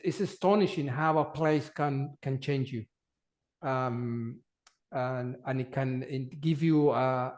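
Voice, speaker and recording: A man who speaks as an answers interview questions, his voice sitting fairly high. He talks slowly and haltingly, often repeating words as he searches for the next phrase. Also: a little mellow. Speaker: polar travel company guest.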